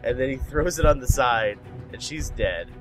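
A man's voice: medium pitch, lively intonation, normal speed, over music. A man rambling through a story in comedic banter with friends, swearing as he goes.

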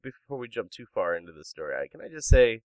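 A man's voice: fairly low pitch, big pitch swings, fast, clear, resonant tone, dry recording, rough recording. Dry-sounding male podcast host. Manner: jokey, punning, reads out news stories. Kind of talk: casual comedy podcast chat.

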